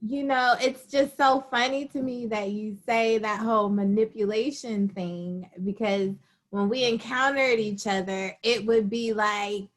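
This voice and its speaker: A woman's voice: a little high, fairly even intonation, unhurried. A woman hosting an interview, playful and laughing often as she retells shared memories. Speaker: host. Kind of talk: casual interview chat.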